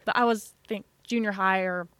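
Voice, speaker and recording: A woman's voice: medium pitch, steady tone, moderate pace, fairly bright tone, no echo. A woman from a small town co-hosting a casual podcast chat, wry, swearing casually and acting out quotes in her stories.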